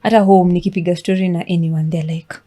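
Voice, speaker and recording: A young Kenyan woman on a podcast, telling her story in English laced with Swahili. Her voice sits a little low, and she tells it with animated energy. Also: fast. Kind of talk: casual chat.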